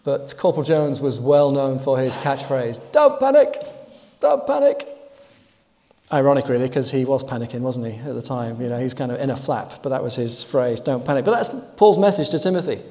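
Male preacher, mellow tone, conversational sermon delivery, church hall reverb. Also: medium pitch, quick pace, few pauses. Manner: conversational, emphatic on key words.

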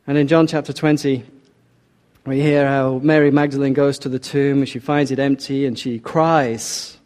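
A man preaching a sermon, earnest and measured, slowing down to stress key lines. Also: medium pitch, little pitch movement, a little mellow. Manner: measured, earnest, slows for emphasis.

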